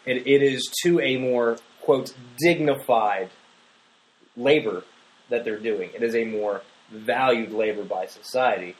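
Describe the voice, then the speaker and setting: A man's voice: medium pitch, measured pace, rough recording. A man casually discussing a film on a podcast, rambling with fillers and restarts. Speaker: podcast co-host.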